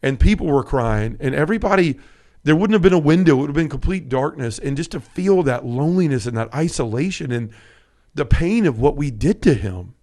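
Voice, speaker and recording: A man's voice: a little high, animated, brisk, a little mellow. A man hosting a casual conversational podcast, speaking in an earnest, heartfelt way with frequent restarts and self-corrections. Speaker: podcast host.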